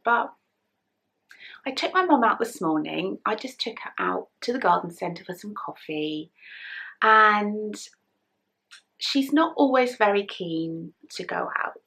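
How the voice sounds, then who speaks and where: A middle-aged woman from England chats to camera in a casual knitting vlog, emotional and near tears, often dropping to a whisper. Her mid-range voice has lively intonation and vocal fry, and she takes it slowly, pausing often.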